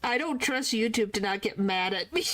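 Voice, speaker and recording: A woman's voice: a little high, expressive, unhurried, fairly bright tone. A woman streamer in casual live-stream chat, talking to her viewers and playfully complaining.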